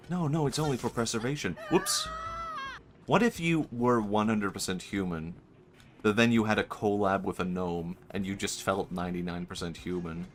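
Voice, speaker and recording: A man's voice: fairly low pitch, expressive, moderate pace, faint music behind. A man streaming a video game, chatting casually, joking, laughing often and dropping his own bits. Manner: rambling, jokey, laughs often, abandons bits. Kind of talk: casual gaming stream commentary.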